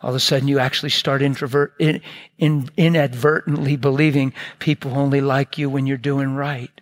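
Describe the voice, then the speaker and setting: An older man preaching a sermon, telling family stories in an animated, playful way and acting out relatives' lines. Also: mid-range voice, brisk. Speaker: pastor. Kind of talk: sermon storytelling.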